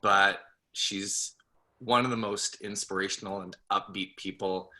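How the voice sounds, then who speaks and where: A man with a fairly low but very bright, forceful voice hosts a group call. He talks casually and keeps getting choked up, pausing and restarting as he introduces his guest. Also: fairly even intonation. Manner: tearful, choked up, halting. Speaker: host of a team video call.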